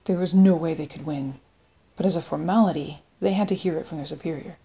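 A woman reading an audiobook in steady scripted narration. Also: low voice, a little fast, husky. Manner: steady storytelling read.

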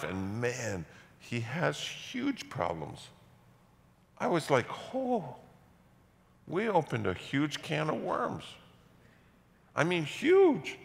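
Middle-aged male pastor, animated storyteller, lively pitch, big reverberant church hall. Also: gravelly. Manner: animated storytelling with self-mocking humor. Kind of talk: sermon.

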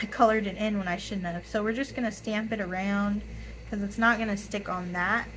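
A young woman in her twenties with a hoarse, raspy voice, chatting casually to camera, often apologizing and counting money out loud. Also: mid-range voice, steady tone, moderate pace, noisy background. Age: 20s. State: hoarse, voice tired. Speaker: budgeting YouTuber.

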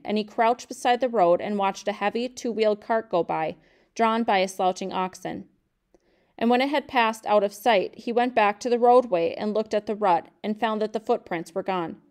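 Woman reading a novel aloud, smooth voice. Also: mid-range voice, moderate pace, a little mellow. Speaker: reader of a novel.

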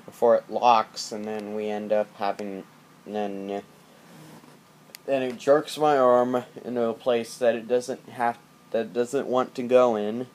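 A man in a casual late-night vlog, rambling and joking, often repeating himself as he goes. His voice sits at an ordinary middle pitch. He is recorded on a tablet's built-in mic, indoors at home in the dark. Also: steady tone, slow pace, slight background noise. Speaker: vlogger. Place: dark house during power outage, indoors.

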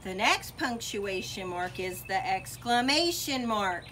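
Slow, bright-voiced woman teacher. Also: mid-range voice, lively intonation, slight background noise. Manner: clear, deliberate explaining, demonstrating voice changes. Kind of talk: reading lesson for children.

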